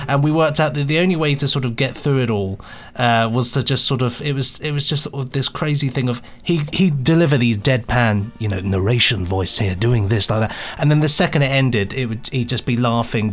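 A man's voice: medium pitch, a little fast, few pauses. A man co-hosting a podcast and recalling studio sessions as the engineer, talking in a chatty way with many restarts. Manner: chatty, stumbling restarts, laughs easily. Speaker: podcast co-host and sound engineer. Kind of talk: casual chat.

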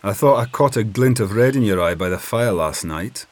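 A man's voice: lowish voice, expressive, moderate pace, a little mellow, slight background noise, voice pushed up, lightly acted. A man reading aloud voices a suspicious, matter-of-fact male outlaw who speaks firmly. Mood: blunt.

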